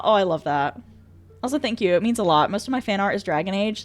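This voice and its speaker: A woman's voice: medium pitch, expressive, fairly quick, fairly bright tone. A woman streamer chatting casually with viewers, bubbly, laughing often and swearing freely. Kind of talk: casual chat reading viewer messages.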